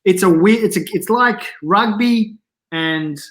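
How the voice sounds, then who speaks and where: A man, a comedian guest in a casual interview, telling animated anecdotes and laughing often. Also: high-pitched, measured pace. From Australia.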